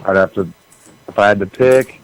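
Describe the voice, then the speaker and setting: Lowish male caller, rambling football talk, repeats himself. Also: steady tone, normal speed, smooth, no room sound, poor audio. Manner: rambling, emphatic, repeats words. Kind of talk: casual sports analysis.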